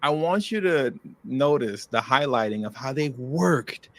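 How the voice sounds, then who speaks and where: A man's voice: mid-range voice, animated, unhurried, a bit bright. A man hosting a political commentary show, sarcastic and slangy, reading articles aloud with running asides. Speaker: host.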